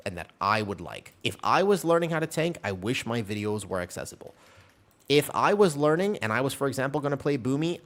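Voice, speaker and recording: Male game streamer, lively pitch, rambling chatty callouts while tanking. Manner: animated, rambling, mixes callouts with banter. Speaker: game streamer and tank player. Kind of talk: live gameplay commentary and chat with viewers.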